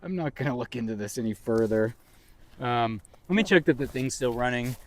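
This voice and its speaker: A man's voice: mid-range voice, expressive, fairly quick. A man co-hosting a casual podcast, rambling and joking with mock-dramatic outbursts. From Massachusetts. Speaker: podcast co-host. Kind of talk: casual chat.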